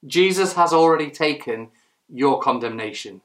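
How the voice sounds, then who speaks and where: A man's voice: on the high side, normal speed, a bit bright. Male preacher with a slightly raised voice delivering an earnest, emphatic sermon. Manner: earnest, emphatic, with rhetorical questions and small restarts.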